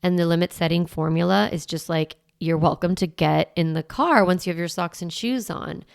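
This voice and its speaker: A middle-aged woman talks parents through her method in a solo podcast, relaxed and conversational. Her voice sits a little low and carries a noticeable gravelly fry. She rambles easily, peppering her points with "like" and quick restarts. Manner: chatty, full of "like" and quick restarts. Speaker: parenting coach and podcast host. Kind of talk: casual solo podcast teaching.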